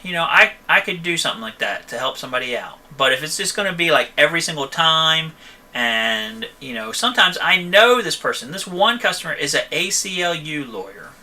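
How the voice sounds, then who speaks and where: Man, live-stream host, van repair shop owner, very bright tone, slightly high pitch, rambling casual chat. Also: animated, fairly quick. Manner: chatty, rambling, frequent "okay?" and "you know". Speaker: host answering viewer questions.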